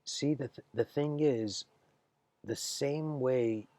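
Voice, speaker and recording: A man's voice: mid-range voice, dark tone, no echo. Male lecturer, mid-range voice, thinks aloud on a livestream, searching and hesitant. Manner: searching and halting, restarts phrases, checks in with "okay?". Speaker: spiritual lecturer. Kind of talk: livestreamed improvised philosophical lecture.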